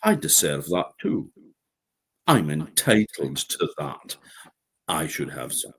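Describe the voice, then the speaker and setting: A man's voice: extremely low pitch, sing-song, takes it slowly, fairly bright tone, slightly rough, full character voice. A man voicing a poor, greedy old woman with an Orkney accent, pleading and self-pitying. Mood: grasping.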